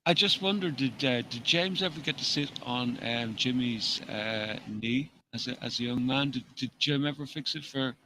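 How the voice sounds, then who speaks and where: A man's voice: mid-range voice, moderate pace, few pauses, pushed and bright, a little hiss or hum, rough recording. A man co-hosting a casual live chat, foul-mouthed and mocking, laughing at his own jokes. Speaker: co-host.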